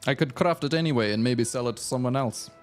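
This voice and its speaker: A man voicing a huge burly woman blacksmith from the north, with a hammy mock Russian accent and a gruff, blunt manner. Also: lowish voice, lively intonation, normal speed, a little mellow, soft background music. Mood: proud.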